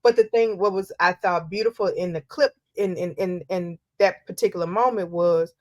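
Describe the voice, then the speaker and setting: A woman's voice: lowish voice, normal speed, few pauses. A woman co-hosting a casual chat podcast, telling stories with energy and acting out quotes. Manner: animated storytelling, acts out quotes. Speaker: podcast co-host.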